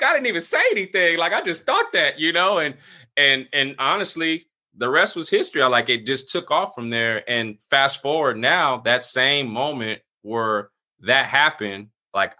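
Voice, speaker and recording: A middle-aged man, a pastor, telling a personal story in casual conversation, full of fillers and acting out other people's lines in a raised voice. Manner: animated, acts out quoted voices at higher pitch.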